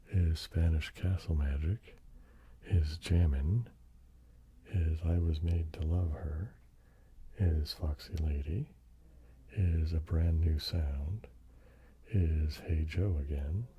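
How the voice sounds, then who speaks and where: A man doing soft-spoken ASMR show and tell, slipping into whispers and slowly reading out track lists in a relaxed, rambling way. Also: a bass voice, muffled recording. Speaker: ASMR host.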